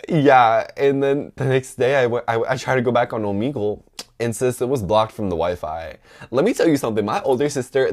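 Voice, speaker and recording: A young man telling a story in a casual chat, sassy and dramatic, laughing often and full of fillers. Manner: animated, laughing, mimics others in high-pitched voices. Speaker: podcast host telling a story.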